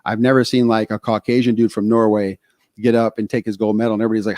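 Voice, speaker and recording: A man from Texas co-hosting a podcast, talking casually in animated stretches, full of fillers and restarts. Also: lowish voice, fast, no room sound, studio quality. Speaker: podcast co-host.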